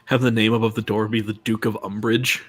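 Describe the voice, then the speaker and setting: A man's voice: on the low side, flat delivery, a little fast. A man hosting a casual live stream, chatting loosely with many fillers and restarts. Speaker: stream host.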